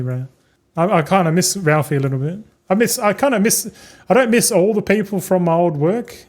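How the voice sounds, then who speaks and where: A man streaming a game, chatting in a relaxed, rambling way with plenty of swearing and stories. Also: a little high. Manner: swears freely, tells anecdotes; laid-back, loose and chatty. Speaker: gaming streamer. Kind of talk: casual rambling stream chat.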